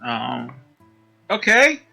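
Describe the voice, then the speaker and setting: A man playing a tabletop game, speaking hesitantly with lots of pauses. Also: mid-range voice, huge pitch swings, gravelly, sharp tone, soft background music, rough recording. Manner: hesitant, full of uhs. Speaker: player. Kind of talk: casual tabletop game chat.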